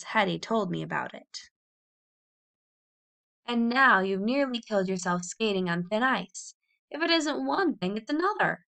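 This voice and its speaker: A woman reading the part of a fretful, loving pioneer mother who sighs and scolds gently. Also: medium pitch, vocal fry.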